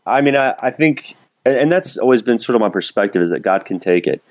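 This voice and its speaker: A man's voice: medium pitch, lively intonation, brisk, no room sound, highs cut off. A man telling a personal story in a casual conversation, candid and self-deprecating, laughing now and then. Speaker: podcast guest.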